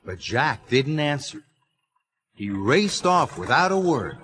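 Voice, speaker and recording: A man narrating a children's story in an expressive, lively reading voice. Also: mid-range voice, slow, slight background noise. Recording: music under the voice.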